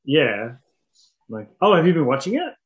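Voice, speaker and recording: A man co-hosting a podcast, chatting casually with relaxed, trailing sentences and frequent laughter. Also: on the high side, normal speed, lo-fi sound. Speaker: podcast co-host. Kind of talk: casual chat.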